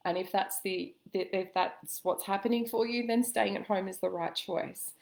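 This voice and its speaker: Woman, intuitive coach, calm gentle delivery, slow pauses, mid-pitched voice. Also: creaky. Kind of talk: spoken self-help lesson.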